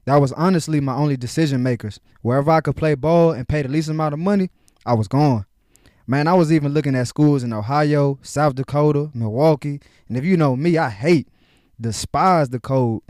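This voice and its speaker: A man's voice: a little high, a little fast, a little mellow, no echo, studio quality. A young man from Houston hosting a casual podcast, talking in hype, slangy, upbeat bursts. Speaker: podcast host.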